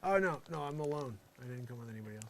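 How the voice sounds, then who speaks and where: A man's voice: medium pitch, lively intonation, very fast, slight background noise. A man doing an improvised comedy monologue, rambling with exasperated sarcasm and lots of filler phrases. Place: campsite, pretend outdoors.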